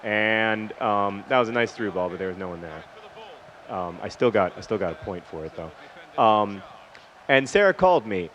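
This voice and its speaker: Low-voiced man rambling over gameplay. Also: lively intonation, moderate pace, fairly bright tone. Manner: rambling, breaks off mid-story to comment on the match. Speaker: gaming video host. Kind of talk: casual storytelling over game commentary. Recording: dull lo-fi recording, faint hiss.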